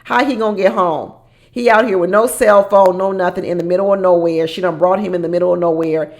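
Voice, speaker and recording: A woman giving casual, animated recap commentary on a reality show, dramatic and laughing as she talks. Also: fairly low pitch, brisk.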